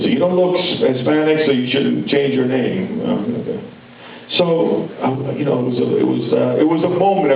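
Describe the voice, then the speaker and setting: A man's voice: mid-range voice, gravelly, slight background noise. A man in his fifties speaking at a conference, telling stories in a rambling, conversational way with many restarts. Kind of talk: speech at a university conference. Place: large hall with audience. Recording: echoey hall, distant mic, dull sound.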